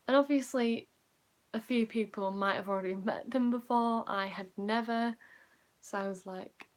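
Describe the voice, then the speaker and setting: A young woman with a Yorkshire accent, telling a casual storytime, rambling with lots of "like" fillers and sinking quieter when she recalls feeling nervous. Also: fairly high pitch, unhurried. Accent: Yorkshire English. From Yorkshire, England. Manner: chatty, rambling, many "like" fillers, drops quieter when recounting nerves. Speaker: vlogger.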